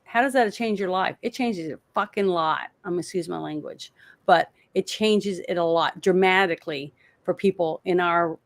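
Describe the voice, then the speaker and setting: A woman's voice: on the low side, no room sound. A woman co-hosting a political podcast, ranting in heated, swearing bursts. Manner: fired-up, swearing, rapid bursts of anger. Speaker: co-host.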